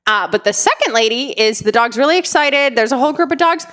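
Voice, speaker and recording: Animated woman telling dog stories. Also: sits high, fast talker. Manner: animated storytelling, exasperated about careless dog owners. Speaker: podcast co-host, dog trainer. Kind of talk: casual podcast chat.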